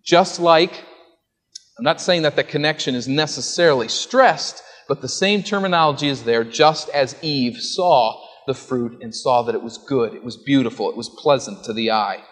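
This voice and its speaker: A man's voice: mid-range voice, moderate pace, fairly bright tone. A man preaching an expository sermon, teaching earnestly and putting rhetorical questions to his listeners before answering them. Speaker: pastor. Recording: long hall reverb.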